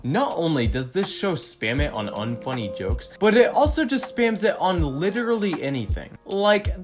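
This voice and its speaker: A man delivers a scripted review commentary, sarcastic and fed up. His pitch swings widely from line to line. Background music plays steadily under his voice. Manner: sarcastic, exasperated. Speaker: video essayist reviewing a cartoon reboot.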